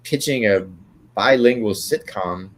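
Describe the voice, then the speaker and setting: A man's voice: fairly low pitch, measured pace, a little hiss or hum. An older man, an interview guest, telling rambling show-business stories and checking in with "right?" as he goes. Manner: rambling, tags remarks with "right?". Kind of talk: anecdotal storytelling.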